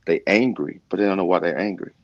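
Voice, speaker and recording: Man, mentor, very deep, measured, dry muffled recording. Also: no echo. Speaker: community mentor, panel guest. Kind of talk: casual panel discussion. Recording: slightly dull, dry sound.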